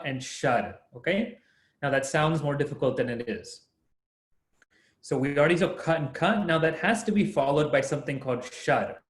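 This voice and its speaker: A young man teaching a Sanskrit class over a video call, patiently explaining step by step and often laughing. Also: a little high. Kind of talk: online class lesson. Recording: echoey room.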